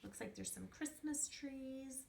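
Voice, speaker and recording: Woman, preschool teacher, slow clear sing-song delivery, distant mic, roomy echo. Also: high voice, a little mellow, slight background noise. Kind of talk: remote lesson and read-aloud for young children.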